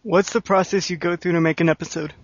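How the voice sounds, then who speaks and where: A man's voice: high-pitched, steady tone, fast talker, highs cut off. A man interviewing a guest, asking short, direct questions.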